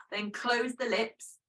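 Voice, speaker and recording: Gentle woman teaching yoga breathing. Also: mid-range voice, recorded from a distance, low-quality recording. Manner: gentle, chatty and self-deprecating. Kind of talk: guided breathing instruction.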